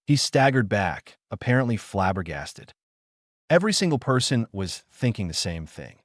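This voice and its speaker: A man narrating a fan-fiction story in a lively storytelling manner. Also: on the low side, normal speed, dry recording, studio quality.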